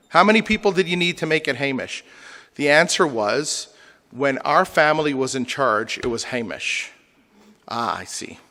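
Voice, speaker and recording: Rabbi guy talking to his congregation, lots of jokes and questions, slightly high voice, big echoey hall. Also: bright, forceful tone. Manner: humorous, rhetorical questioning. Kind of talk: lecture to a congregation. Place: synagogue hall. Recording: long hall reverb.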